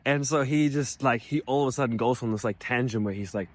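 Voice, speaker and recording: A young man from Germany telling a college story in a casual, animated way, full of fillers. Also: medium pitch, a little fast, hardly any pauses. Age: young adult. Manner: animated, many fillers like "like" and "you know". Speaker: vlogger, college student.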